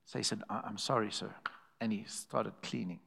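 A man's voice: fairly low pitch, normal speed, creaky, slight background noise. A man preaching a sermon in a church, telling stories and calling out to the congregation. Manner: animated, calls to the congregation, acts out quoted voices. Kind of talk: sermon with storytelling.

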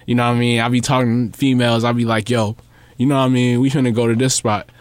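A man's voice: fast, no room sound. A man in casual chat, telling stories with lots of swearing and acting out quotes. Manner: animated, profane, acts out quotes with big pitch swings.

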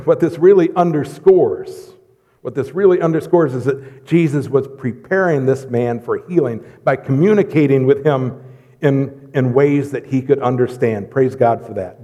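A middle-aged man preaching a lively, joking sermon in church, swinging between loud bursts and hushed asides. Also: mid-range voice. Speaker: pastor. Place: church sanctuary. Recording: long hall reverb.

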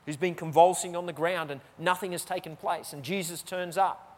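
High-voiced man preaching in a reverberant church. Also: steady tone, normal speed. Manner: preaching, repeats key phrases for emphasis. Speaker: pastor. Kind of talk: sermon.

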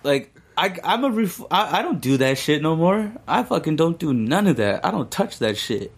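A man's voice: a little high, big pitch swings, normal speed, creaky, husky. A young man co-hosting a podcast, telling a rambling story in casual, profane talk. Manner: profane, rambling, laid-back. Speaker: podcast co-host.

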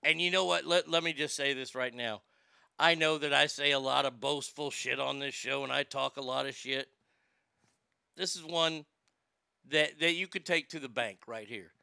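A man's voice: mid-range voice, normal speed, vocal fry, bright, forceful tone, clean tone, no room sound, studio quality. A man hosting a show in casual chat, rambling and profane, with stammering restarts and boastful talk. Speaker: show host.

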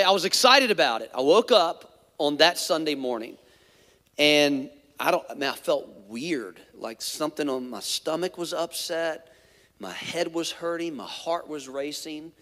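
A man's voice: a little high, expressive, a little slow, a bit bright, in a large hall. A man, a pastor, telling a personal story in a sermon, candid and conversational with many asides.

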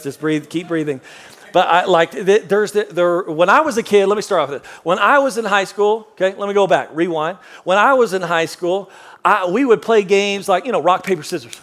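A middle-aged male pastor giving a sermon as comic storytelling, animated and jokey, acting out loud outbursts. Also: high voice.

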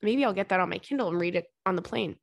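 Young female podcast host, chatty and animated, dry close sound, mid-pitched. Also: fast, creaky, no room sound. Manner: animated, acts out quotes with big jumps in pitch. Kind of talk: casual chatty storytelling and reading listener letters.

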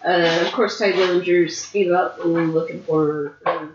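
A woman co-hosting a casual chat, recapping wrestling matches in a quick, blunt way and swearing freely. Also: lowish voice, steady tone, background noise. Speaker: podcast co-host. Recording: echoey, dull lo-fi room.

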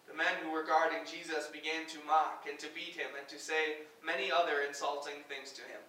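A man, a pastor, reading Scripture aloud at a worship service in a measured way, lifting his voice for quoted speech. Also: fairly high pitch, flat delivery, bright, forceful tone. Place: church sanctuary. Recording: very echoey church, voice from far off.

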